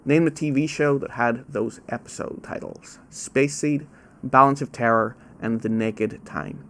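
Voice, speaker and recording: A man hosting a live online trivia quiz from home over a webcam, casual and self-deprecating, repeating each question slowly, with trouble saying "ow" sounds. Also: mid-range voice, fairly even intonation, fairly bright tone. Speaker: quizmaster.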